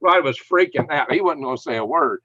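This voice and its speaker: A man rambles folksy stories on a live stream and chuckles as he reads chat. His voice is mid-pitched. The sound is dry and close, but a bit dull, like a modest home mic. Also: lively intonation, fast talker, bright, forceful tone, dry recording. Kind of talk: casual storytelling and reading chat.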